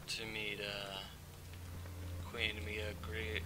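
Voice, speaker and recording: A man's voice: medium pitch, unhurried, long pauses, background noise. A man casually commenting while playing a video game, rambling and joking as he goes. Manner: offhand, rambling, jokey. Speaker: gameplay video host. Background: game music.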